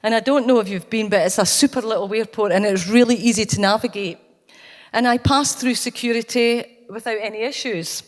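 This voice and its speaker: A Scottish woman speaking at a conference, telling a personal anecdote with earnest, anecdotal warmth. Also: a little high, brisk. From Scotland. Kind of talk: storytelling keynote talk. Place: conference hall. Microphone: handheld or stage mic, cutting out. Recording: long hall reverb.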